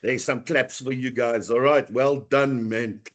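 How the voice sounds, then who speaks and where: A man's voice: mid-range voice, steady tone, measured pace, fairly bright tone. A man with a South African accent, a teacher running a live online lesson, upbeat and chatty as he greets students by name. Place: online video meeting.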